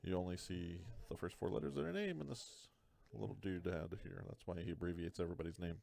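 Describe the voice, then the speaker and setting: Low-voiced man with dry jokes. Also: fast talker, creaky, dark tone. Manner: dry, joking asides. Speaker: card break host. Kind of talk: live card break commentary.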